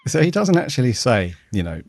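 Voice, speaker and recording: A man's voice: mid-range voice, sing-song, fairly quick, darkish tone, no echo. A man hosting a podcast, talking casually with lots of hesitation and restarts. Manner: hesitant, many ums and restarts. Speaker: podcast host.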